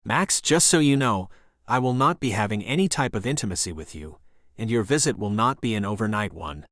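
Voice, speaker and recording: A man's voice: fairly low pitch, animated, fairly quick, a bit bright, no room sound, studio quality. A man voicing a nervous young woman in an audiobook, playful but keeping her distance. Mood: guarded.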